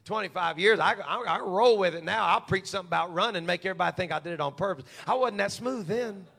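A man's voice: high voice, quick pace, vocal fry, fairly bright tone, slightly rough. A man in his forties preaching a sermon as a humorous, folksy story. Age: 40s.

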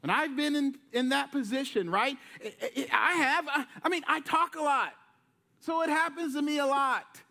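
Lively high-voiced pastor preaching. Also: male voice, normal speed, vocal fry. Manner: lively storytelling, acting out Jesus and disciples in slang. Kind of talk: sermon. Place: church sanctuary.

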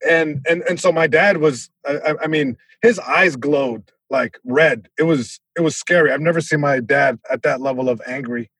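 Husky, animated male storyteller. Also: fairly high pitch, normal speed, few pauses, no room sound. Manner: lively, full of restarts and sound effects. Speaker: comedian guest.

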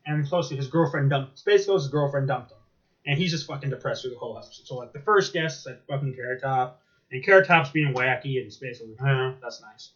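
A man chatting casually and excitedly, rambling and swearing as he retells cartoon bits. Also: a little high, dull audio. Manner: excitable, rambling, swears a lot, laughs often. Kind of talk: casual chat.

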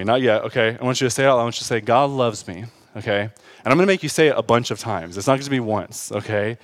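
A man preaching a sermon in a casual, conversational way, growing loud and lively as he gets stirred. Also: quick pace, no room sound. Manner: animated, rising loud and high when stirred, laughing at his own stories. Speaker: pastor.

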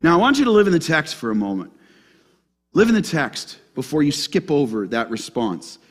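Preaching a sermon in church, this male pastor has a high, bright voice that leaps up and drops low throughout. He talks at a normal speed and keeps firing questions at the congregation.

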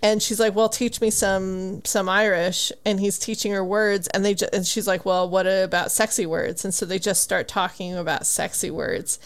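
A woman's voice: medium pitch, steady tone, moderate pace, few pauses, smooth. A woman co-hosting a book podcast, chatting casually and eagerly retelling scenes from a book. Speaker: podcast co-host.

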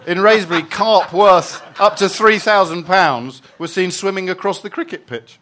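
A man's voice: high voice, normal speed, pushed and bright. A man hosting a comedy panel show, giggling often while he steers the discussion back to the question.

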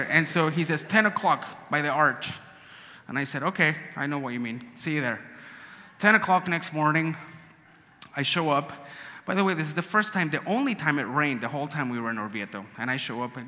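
A man from Guatemala telling a personal story to an audience, emotional and animated, acting out the dialogue. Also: fairly high pitch, fairly quick. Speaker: storyteller guest. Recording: long hall reverb.

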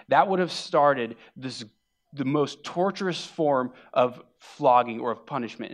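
A male pastor reading scripture aloud and then explaining it in a conversational sermon with casual fillers. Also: mid-range voice.

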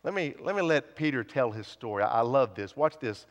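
A man's voice: mid-range voice, animated, brisk. A man preaching a sermon, building with repeated phrases and dropping to near whispers. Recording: long hall reverb.

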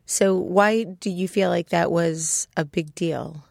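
Woman interviewer, low voice with some fry, dry studio mic. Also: a little mellow, no room sound. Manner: probing, measured questions. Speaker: interview host. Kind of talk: interview questions.

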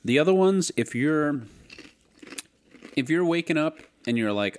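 A man's voice: a little high, moderate pace. A man co-hosting a casual chat, loose and rambling, with crude asides. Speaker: podcast co-host.

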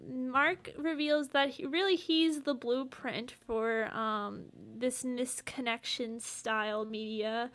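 Chatty high-voiced woman podcaster. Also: fairly even intonation, takes it slowly, hardly any pauses, a bit bright. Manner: chatty, laughing, many fillers. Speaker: podcast co-host. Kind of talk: casual chat recapping a movie.

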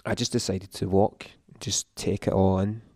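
A man's voice: deep voice, level tone, moderate pace, darkish tone, dry recording, clean studio sound. A man, a podcast guest, telling an emotional story in casual chat, swearing often.

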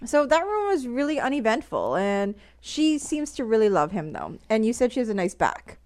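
A woman with a fairly high voice chats easily as she recaps a TV show. She giggles a lot and tells it with animated energy. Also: moderate pace. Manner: giggly, chatty, animated storytelling. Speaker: podcast co-host. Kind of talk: casual chat recapping a TV show.

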